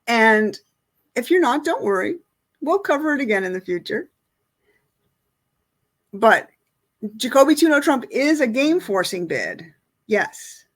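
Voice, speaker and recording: A middle-aged woman teaching an online lesson, explaining in a casual way with many fillers. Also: medium pitch. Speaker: bridge teacher.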